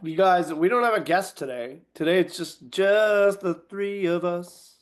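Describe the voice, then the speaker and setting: A man co-hosting a casual podcast from home. He jokes, rambles and drifts into stories. His voice sits fairly high for a man. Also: unhurried. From Canada. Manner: joking, rambling storyteller. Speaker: podcast co-host. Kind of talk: casual chat.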